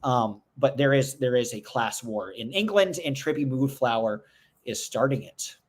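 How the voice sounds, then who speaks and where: A man's voice: mid-range voice, moderate pace. A man hosting a casual livestream, rambling through viewer comments with restarts and joking asides. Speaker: livestream host. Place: indoors at home.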